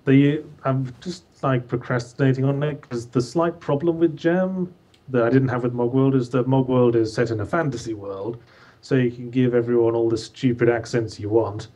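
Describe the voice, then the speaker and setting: A man's voice: medium pitch, moderate pace, dark tone. A man calling in as a guest author, chatting casually with dry, wry humor. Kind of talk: casual chat.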